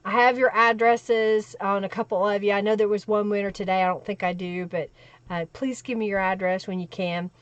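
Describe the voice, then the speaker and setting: A woman's voice: medium pitch, fairly even intonation, fairly quick, no room sound. A woman hosts a casual craft live stream, chatty and upbeat as she thanks viewers one by one. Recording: dull lo-fi dry sound.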